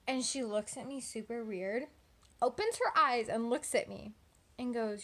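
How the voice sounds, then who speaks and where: Her voice is a little high and fairly bright, at a measured pace. She's an eighteen-year-old Texan vlogger casually telling a story into her phone camera at home at night, rambling with many "like"s and "um"s.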